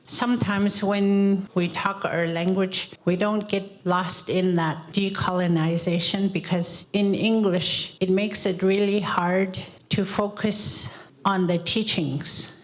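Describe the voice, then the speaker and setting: A woman in the audience of a panel, sharing teachings in a reflective comment and telling stories slowly and deliberately, with repetition. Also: mid-range voice, steady tone, low-quality recording. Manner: slow, deliberate storytelling with repetition.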